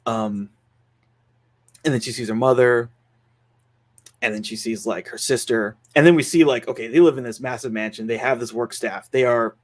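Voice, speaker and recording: A man's voice: medium pitch, moderate pace, pauses often. A man hosting a casual podcast, recapping a film's plot in a rambling way full of fillers. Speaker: podcast host reviewing a film.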